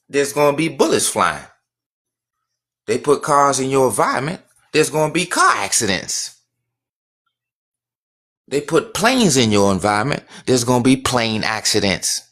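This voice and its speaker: A man's voice: medium pitch, fairly bright tone. A man holding forth on a casual livestream, insistent and repetitive. He hammers the same phrases again and again and throws out rhetorical questions. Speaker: livestream host.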